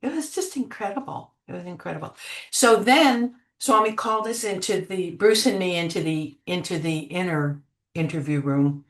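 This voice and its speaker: An older woman telling spiritual memories as an interview guest, gentle and unhurried, trailing off with many fillers. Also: on the low side. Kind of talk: reflective spiritual storytelling. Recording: echoey room.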